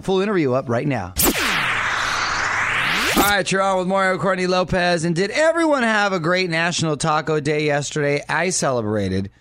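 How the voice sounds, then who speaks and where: A man hosting a radio show in a studio, talking in energetic, playful banter and laughing often. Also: a little high, no room sound. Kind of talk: upbeat radio banter and promos.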